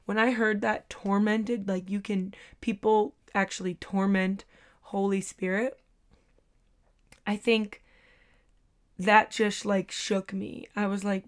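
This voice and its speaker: In a devotional teaching talk, a Christian teacher speaks at an ordinary middle pitch with little pitch movement, taking her time. She sounds earnest and slightly hesitant, pausing on soft filler sounds while gathering her thoughts.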